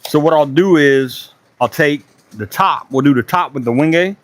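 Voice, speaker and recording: A man from Charleston with a Gullah Geechee accent and a voice sitting a little high for a man. He chats easily with his livestream viewers, dropping casual curses as he works away in his woodshop. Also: normal speed. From Charleston, South Carolina. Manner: laid-back, chatty, talks to viewers while working, swears casually. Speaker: woodworking livestream host. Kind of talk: casual livestream chat while working.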